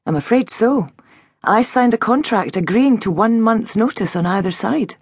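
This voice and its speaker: Calm patient mum, read by a woman in a storybook, soft and a bit husky. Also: fairly high pitch, moderate pace, no echo, clean studio sound, voice pushed up.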